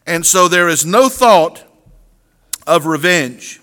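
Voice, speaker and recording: A high, bright male voice belongs to a middle-aged pastor delivering an earnest sermon. He keeps doubling back on words as he restarts his sentences. His voice rings out with a long reverb from a large hall. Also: expressive, takes it slowly, pauses often.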